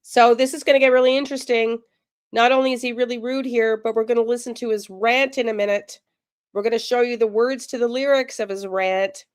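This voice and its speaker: A woman's voice: fairly high pitch, fairly even intonation, fairly quick, smooth, dry recording, studio quality. A woman hosting a true crime live stream, chatting to her viewers and giggling between remarks. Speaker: true crime livestream host.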